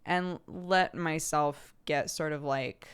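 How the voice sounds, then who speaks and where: A woman's voice: low voice, steady tone, takes it slowly, clear, resonant tone. An American woman streamer in a rambling, self-reflective casual chat with her viewers, laughing often.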